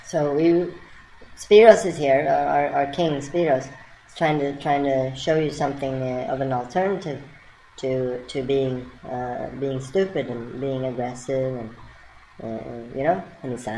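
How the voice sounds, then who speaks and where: A woman telling a surreal, playful story in a halting, rambling way with many restarts. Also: extremely low pitch, mellow, slight background noise, low-quality recording. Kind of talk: rambling spoken monologue.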